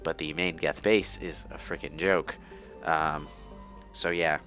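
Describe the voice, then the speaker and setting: A man's voice: very deep voice, fairly even intonation, takes it slowly, fairly bright tone, faint music behind. A man giving casual gaming commentary over a playthrough, rambling with many fillers and restarts. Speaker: let's play commentator.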